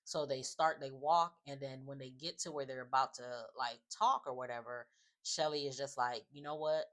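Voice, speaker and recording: A woman with a strikingly low voice recaps a reality show in a loose, chatty way. She is opinionated, leans on fillers and keeps up a running commentary. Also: steady tone, normal speed, fairly bright tone. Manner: chatty, opinionated, often says "just like" and "um".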